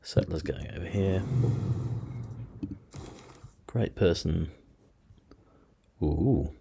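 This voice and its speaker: A man's voice: sits low, drawn-out words, gravelly, mellow, a little hiss or hum. A man hosting a let's play, giving casual strategy game commentary and muttering to himself with self-deprecating asides.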